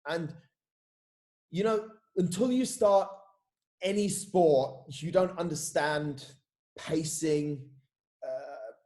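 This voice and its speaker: Bloke on a podcast, lively storytelling, swears a lot, voice sits a little high. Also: male voice. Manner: animated, swears freely, says "mate" a lot. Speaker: podcast guest, coach. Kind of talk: casual storytelling chat.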